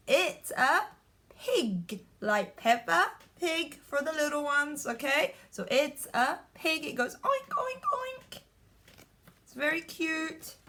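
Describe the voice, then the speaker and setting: A woman teacher giving a remote vocabulary lesson to young children, talking slowly with repeated, encouraging prompts. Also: sits high, fairly bright tone. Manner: slow, repetitive, encouraging prompts.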